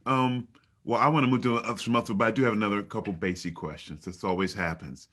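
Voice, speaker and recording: A man hosting an interview, asking questions and answering with soft murmurs of agreement. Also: lowish voice, fairly even intonation, quick pace. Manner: frequent murmured affirmations and laughs. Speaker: host, jazz trumpeter.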